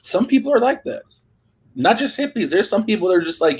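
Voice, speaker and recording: A man co-hosting a casual show, teasing his friend in an animated way. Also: high voice, breathy edge. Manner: teasing, animated, quick to laugh. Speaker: podcast co-host. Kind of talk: casual chat.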